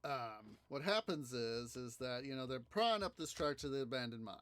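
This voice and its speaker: A man hosting a gaming video, telling a story in a halting, rambling way, full of fillers and restarts as he plays. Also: mid-range voice, lively intonation, fairly bright tone, no room sound. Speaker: gaming channel host. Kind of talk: casual gameplay commentary.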